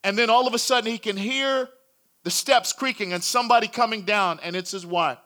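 A man's voice: high-pitched, brisk, pushed and bright. A male pastor telling a story in a sermon, earnest and building in intensity.

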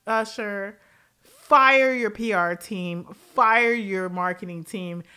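A woman's voice: medium pitch, slow pace, clean tone. Blunt, laughing woman host. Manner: blunt, profane, laughing, animated tangents. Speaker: commentary show host. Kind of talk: casual pop-culture commentary.

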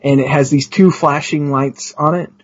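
Husky man telling an excited story. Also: a little high, moderate pace. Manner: excited storytelling with many restarts. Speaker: guest. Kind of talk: casual podcast chat. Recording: dull lo-fi sound.

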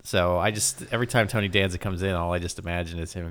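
A man co-hosting a casual film review chat, joking and breaking into loud impressions. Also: low-pitched, fairly even intonation, quick pace, few pauses, a little hiss or hum. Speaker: podcast co-host.

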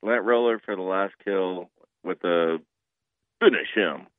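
A man's voice: deep voice, a little slow, smooth, dry recording. A man co-hosting a casual podcast, joking and rambling. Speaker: podcast co-host. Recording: tinny phone-like line.

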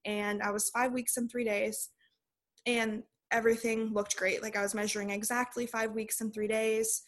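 A woman's voice: on the high side, flat delivery, normal speed. A young adult woman, a podcast guest, telling a personal story in a casual way with lots of "like" fillers.

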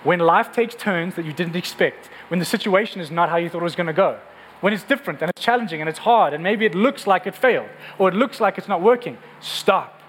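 Guy preaching a sermon, pretty high voice, talks to the room like a chat, faint hum behind. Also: lively intonation, quick pace, low-quality recording. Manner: earnest, conversational preaching that often repeats words. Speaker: pastor. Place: room with a live congregation.

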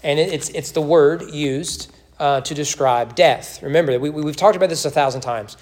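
A man's voice: on the high side, moderate pace, a little mellow. A man leading a church Bible study, teaching in a conversational way with joking asides.

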